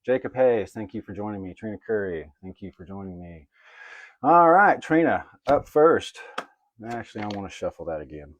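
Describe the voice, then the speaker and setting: With a fairly low, animated voice at a moderate pace, a man reads oracle cards on a livestream, calling out viewers by name. He's casual and swears occasionally, and the recording is dry.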